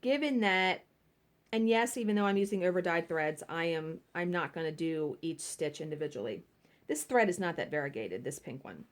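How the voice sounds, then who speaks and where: A woman's voice: fairly low pitch, animated, moderate pace. A woman vlogging casually while she cross stitches at home, telling stories and laughing at herself. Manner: chatty storytelling, laughing at herself.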